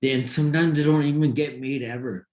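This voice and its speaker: A man co-hosting a sports podcast talks in excited, rambling bursts. His voice sits in the middle range. The sound is roomy, with a clear echo. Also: mid-range voice, brisk. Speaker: boxing podcast co-host. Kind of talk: casual sports chat.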